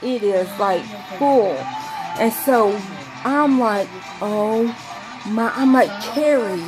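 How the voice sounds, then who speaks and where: A woman telling a rambling story to camera, acting out quotes in a high voice. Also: expressive, slow, over music, crowd noise, low-quality recording. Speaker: vlogger.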